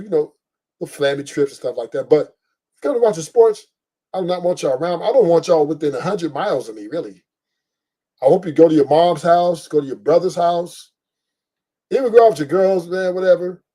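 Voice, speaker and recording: High-voiced profane man ranting on a podcast. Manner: profane, boisterous, animated asides. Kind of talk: casual storytelling rant.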